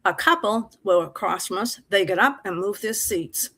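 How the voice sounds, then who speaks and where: A middle-aged woman from Massachusetts tells a heartfelt story, rambling and restarting as she goes. Her voice is sharp and bright, and it sits at an ordinary pitch. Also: expressive, moderate pace, poor audio. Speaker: caller on an open mic stream. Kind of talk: personal storytelling.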